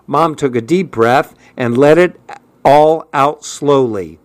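A man reading a first-person story aloud, unhurried and even. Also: mid-range voice, dry recording. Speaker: narrator.

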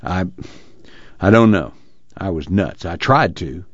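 A man voicing a hurt, weary young farmhand with a drawl, talking low and grim. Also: lively intonation, slow, no room sound, exaggerated voice. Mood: shaken. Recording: muffled, dry.

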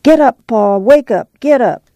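A man voicing a weary, determined middle-aged farm mother who gives brisk orders in a drawl. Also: very high-pitched, dark tone, no room sound, pitched above the performer's own voice. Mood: commanding. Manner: brisk, commanding, folksy.

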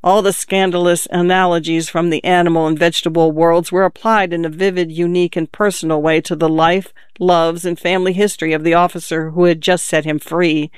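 A man reading a literary short story aloud in measured, scripted narration. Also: a little high, flat delivery, clean tone, dry recording, studio quality. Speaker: audiobook narrator.

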